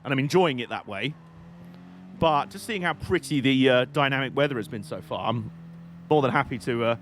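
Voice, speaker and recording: A man's voice: mid-range voice, expressive, a little fast, fairly bright tone, a little hiss or hum. A young man giving rambling, jokey live commentary while playing a racing game on stream. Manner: jokey, rambling, chatty banter.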